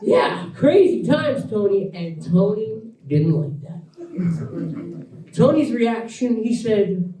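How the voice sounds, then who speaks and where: A man in his forties, an actor appearing as a guest at a live Q&A, tells an animated anecdote, laughing through lines as he acts out what people said. He has a high voice and a slow pace. The event room with its audience sounds echoey, with the mic at a distance.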